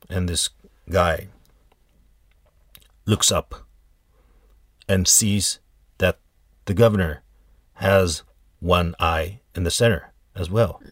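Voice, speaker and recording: Slow, deep-voiced man telling a folk tale. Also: steady tone, dry recording, studio quality. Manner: unhurried, halting retelling with fillers and restarts. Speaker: storyteller. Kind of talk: casual folk tale storytelling.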